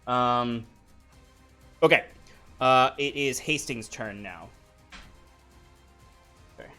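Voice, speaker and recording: A man runs a tabletop game in a relaxed voice of middle pitch, breaking into laughter between rules. He explains the rules and narrates the action, with faint music under him. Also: slow. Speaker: game master.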